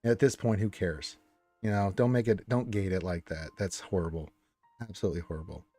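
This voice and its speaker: Animated male stream host, dry sound. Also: brisk, dry recording, faint music behind. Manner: animated, jumps between loud greetings and low grumbling. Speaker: livestream host. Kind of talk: casual live chat, reading comments.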